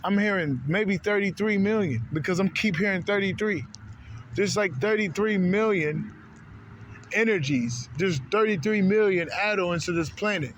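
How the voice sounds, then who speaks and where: Hosting a spiritual channel, a man talks off the cuff in profane, loose slang, drifting from one thought to the next. His fairly bright, high-sitting voice keeps a moderate pace, with a little hiss or hum on the track.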